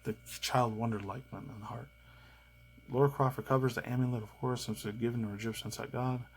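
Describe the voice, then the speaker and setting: A man's voice: mid-range voice, fairly even intonation, fast, slightly rough, low-quality recording. A man in his thirties hosting a casual reaction video, rambling in a loose, slangy, chatty way. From United States. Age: 30s.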